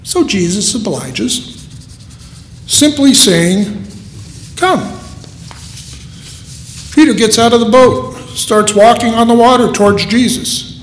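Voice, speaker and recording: A man preaching a sermon in an earnest, unhurried way, with dramatic pauses. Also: very high voice, expressive, a little hiss or hum. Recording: echoey hall.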